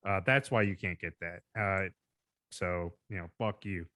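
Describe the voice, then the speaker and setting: A man's voice: deep voice, measured pace, bright, forceful tone, dry recording. Profane ranting Southern man. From American South. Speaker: podcast host. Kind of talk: casual chat.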